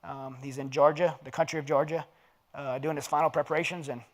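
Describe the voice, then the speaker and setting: A man in his forties giving a conversational sermon as guest speaker at a men's dinner. He tells the story with earnest feeling and drops to a low, quiet voice on personal points. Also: fairly even intonation, brisk. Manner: earnest, storytelling delivery with scripture readings.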